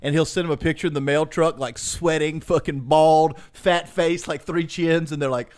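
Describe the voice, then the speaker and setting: Man, podcast co-host, casual chat, slightly higher voice, animated, swears. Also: normal speed. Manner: animated storyteller, acts out quoted voices, swears.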